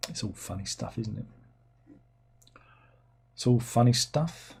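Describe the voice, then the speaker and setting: A man's voice: medium pitch, lively intonation, measured pace, creaky, darkish tone, a little hiss or hum. A middle-aged man, hosting a livestream in casual chat. He rambles and mocks himself as he reads out viewers' comments. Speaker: livestream host.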